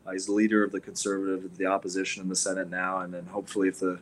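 A man's voice: sits low, monotone, very fast, slight background noise, poor audio. A man speaking as a guest on a sports radio show, rambling with many fillers and restarts. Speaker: guest, league ambassador. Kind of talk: casual radio interview.

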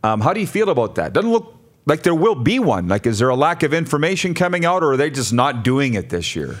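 A man's voice: a little high, a little fast. A man hosting a sports radio talk show, reading listener comments and chatting with co-hosts. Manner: chatty, rhetorical, animated. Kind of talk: casual sports radio chat.

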